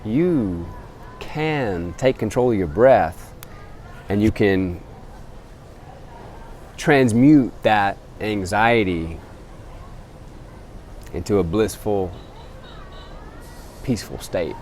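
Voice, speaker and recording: A man vlogging outdoors beside a temple, talking earnestly to camera as he calls his listeners gentlemen. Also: lowish voice, lively intonation, extremely slow, long pauses, slight background noise. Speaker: travel vlogger. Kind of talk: casual motivational talk to camera.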